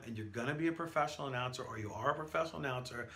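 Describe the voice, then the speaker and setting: Bright-voiced male announcer teaching. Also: mid-range voice, very fast, few pauses. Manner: energetic, conversational, storytelling. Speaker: professional event announcer and instructor. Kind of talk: instructional talk to camera.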